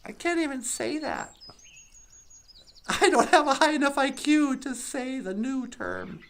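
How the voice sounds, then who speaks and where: A woman's voice: high-pitched, big pitch swings, measured pace. A woman telling stand-up stories in a sardonic way, acting out other people's voices as she goes. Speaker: comedian. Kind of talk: stand-up storytelling.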